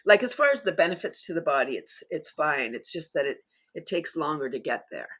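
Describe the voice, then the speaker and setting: A woman's voice: fairly quick, husky. A woman guest in a casual interview, talking enthusiastically and laughing often as she explains. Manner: animated storyteller, bursts higher and louder when excited. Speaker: guest, laughter yoga teacher.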